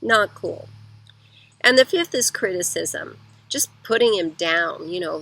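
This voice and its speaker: A woman's voice: fairly low pitch, expressive, a little slow, vocal fry, bright, forceful tone, breathy edge, poor audio. A middle-aged woman giving parenting advice in a conversational teaching talk, going through her points one by one.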